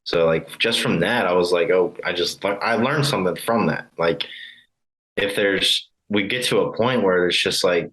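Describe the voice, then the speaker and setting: A man's voice: sits low, moderate pace, a bit bright, poor audio. A man of about twenty, a new insurance agent, telling a story casually with many fillers and hesitations. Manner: hesitant, many fillers, laughs between phrases.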